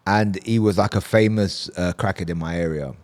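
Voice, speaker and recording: A man, a podcast co-host chatting casually and telling animated stories, swearing freely and acting out voices. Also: deep voice, moderate pace. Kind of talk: casual chat.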